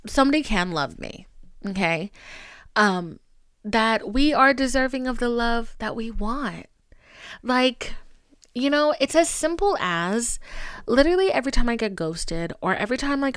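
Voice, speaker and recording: A young woman hosting a solo podcast, talking candidly in an animated, profane, playfully dramatic way. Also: on the high side, clean tone, no echo, clean studio sound. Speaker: podcast host.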